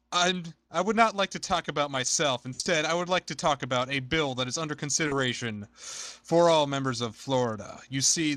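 A self-important male wrestler turned governor makes a stiff, mock-formal speech, as a man puts him on. The voice is bright and forward and sounds dry and close. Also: medium pitch, dry recording. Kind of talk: improvised comedy promo.

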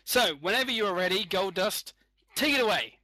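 A male podcast host sets up comedy challenges in a playful game-show manner. His voice sits high and bright, and it is recorded dry and close. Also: lively intonation, a little fast, no echo, low-quality recording.

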